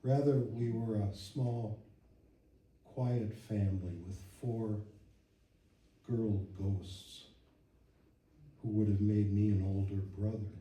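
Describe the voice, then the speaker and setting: A man's voice: on the low side, fairly even intonation, takes it slowly, pauses often, dull audio. A man in his seventies reading his poems aloud at a public reading, wry and reflective, in a church hall. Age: 70s. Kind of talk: poetry reading. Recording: echoey hall, mic at a distance.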